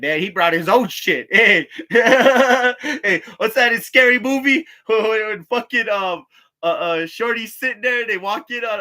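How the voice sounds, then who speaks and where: Casting: bright-toned guy, meandering and profane, laughing through his own stories. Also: high voice. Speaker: vlogger. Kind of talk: casual rambling storytelling.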